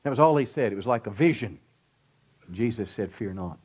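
Middle aged guy preaching, pastor at church, punchy "come on" call-outs, goes quiet for stories. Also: medium pitch, expressive, fairly quick, husky. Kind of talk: sermon. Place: church service.

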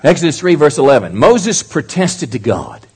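A middle-aged male pastor delivers a lively sermon, frequently putting questions to the congregation. His voice sits on the high side with a breathy edge, and he speaks at a moderate pace.

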